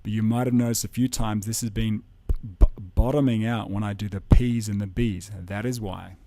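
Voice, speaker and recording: A man teaching microphone technique in a relaxed, explanatory way, speaking into a studio condenser mic in a home studio and moving around it as he talks. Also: fairly low pitch, moderate pace, no room sound. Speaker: audio engineer demonstrating microphones. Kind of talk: spoken tutorial with live mic demonstrations. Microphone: studio condenser mic at close range.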